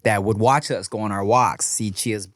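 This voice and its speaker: A man's voice: lowish voice, moderate pace, no room sound, studio quality. A man co-hosting a food podcast in casual chat, telling stories with lots of swearing and acted-out quotes. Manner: animated storytelling, swears a lot, acts out quotes. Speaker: podcast co-host.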